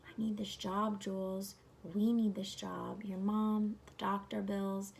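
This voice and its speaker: A woman reading aloud as a kind, tired father from a children's book, speaking softly. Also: medium pitch, little pitch movement, a little slow, vocal fry, a little hiss or hum. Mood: gentle. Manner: soft, gentle.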